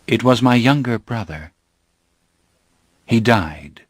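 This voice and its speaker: A man voicing a calm, brooding centuries-old male vampire, speaking in a measured, grave way. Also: mid-range voice, no room sound, clean studio sound, voice pushed up. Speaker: narrator.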